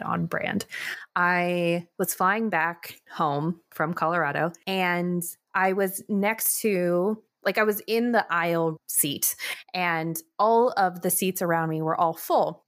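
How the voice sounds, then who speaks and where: Woman, young, podcast co-host, casual storytelling, animated, laughs a lot, lowish voice. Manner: animated, laughs often, jumps into high quoted voices.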